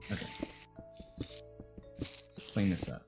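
A man narrating his own gameplay as a let's play, excitable and quick to yelp and groan when things go wrong. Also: music in the background, low-quality recording. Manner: excitable, yelps and groans at in-game threats. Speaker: gameplay commentator.

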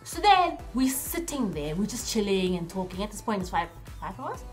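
A young woman vlogger telling a story in a lively way, acting out the dialogue in different voices. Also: medium pitch, moderate pace, soft background music. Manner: animated, acts out dialogue in voices. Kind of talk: storytime vlog.

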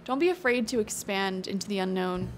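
A woman's voice: mid-range voice, fairly quick, slight background noise. A woman giving a casual, encouraging tarot reading, chatty and thinking aloud with fillers. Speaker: tarot reader.

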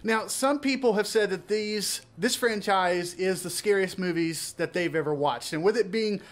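A man's voice: high-pitched, moderate pace, fairly bright tone. Easygoing male interview host. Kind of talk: casual interview.

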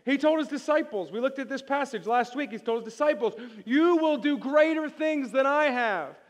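A high-voiced male pastor delivers a lively sermon, joking and calling on his congregation to answer back. His voice rings out in a church sanctuary with a long echo trailing behind each line. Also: moderate pace. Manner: energetic, joking, calls on the congregation to respond.

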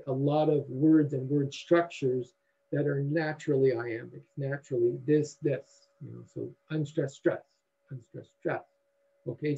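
Man, lecturer, slightly high voice, halting delivery, dull lo-fi recording. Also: mellow, slightly rough. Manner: halting, with many fillers and restarts. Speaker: university lecturer.

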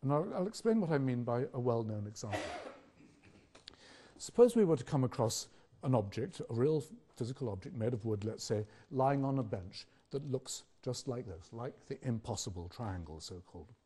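An older man with a British accent giving an academic public lecture, measured and questioning, with rhetorical pauses. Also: medium pitch, lively intonation, dark tone, husky.

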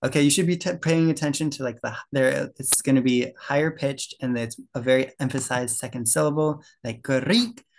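A man's voice: medium pitch, steady tone, brisk, creaky, hardly any pauses. A young man giving a casual slide presentation to a birding club, talking loosely with fillers and self-corrections.

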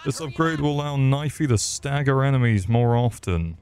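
A medium-pitched, slightly mellow and expressive man talks at normal speed while he plays a video game. The gaming streamer keeps up crude, rambling, profane jokes about his gameplay.

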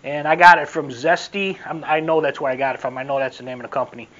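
A man's voice: fairly high pitch, quick pace, fairly bright tone, muffled recording. A man casually reviewing a sauce on his vlog, repeating himself in a loose, rambling way. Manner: repetitive, rambling, friendly sign-off. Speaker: food vlogger. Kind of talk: casual taste-test review.

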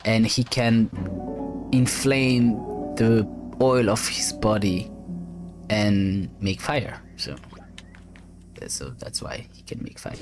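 A male game developer giving let's play commentary in a halting way, with many restarts. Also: fairly low pitch.

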